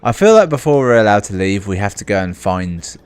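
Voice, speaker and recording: A man's voice: on the low side, big pitch swings, fairly quick, a little mellow, clear, resonant tone. A man giving casual let's play commentary in a dry, self-mocking, rambling way.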